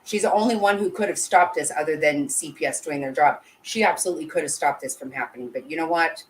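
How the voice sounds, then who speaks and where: A woman with a low voice gives live commentary to her chat. She talks bluntly and emotionally, swears freely and keeps breaking off and restarting her sentences. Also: fast, a little hiss or hum, poor audio. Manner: blunt and heated, with frequent swearing. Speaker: channel host.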